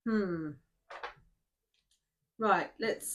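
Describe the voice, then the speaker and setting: A woman's voice: mid-range voice, unhurried. A middle-aged woman in a summer house, rambling casually to herself as she reads oracle cards. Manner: chatty, rambling, talks to herself while shuffling cards. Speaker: tarot card reader. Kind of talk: casual oracle card reading.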